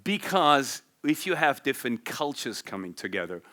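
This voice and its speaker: A male speaker at a business forum explains his points with lively examples. His voice is bright and forceful. He sits at a medium pitch. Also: normal speed. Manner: animated, explanatory, uses vivid examples. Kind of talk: conference talk.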